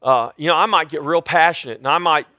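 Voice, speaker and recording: A man teaching the Bible in a sermon, with a loud, emphatic delivery and frequent restarts. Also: fairly high pitch, fast, no echo, studio quality.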